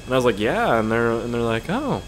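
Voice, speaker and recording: A man's voice: mid-range voice, monotone, very fast, slight background noise. A young man chatting casually while playing a game, rambling and profane, jumping between stories and the action. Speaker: gaming YouTuber. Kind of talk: casual gameplay commentary.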